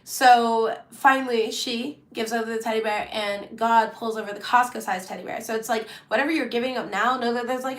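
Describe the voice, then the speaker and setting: A woman giving a casual, chatty tarot reading, animated and full of fillers. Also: on the high side, reverberant. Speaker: tarot reader.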